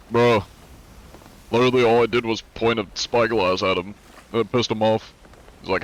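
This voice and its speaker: A man's voice: lowish voice, moderate pace, long pauses, a little hiss or hum. A congested man chatting loosely on a live gaming stream, swearing freely as he talks. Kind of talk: casual gaming livestream chat.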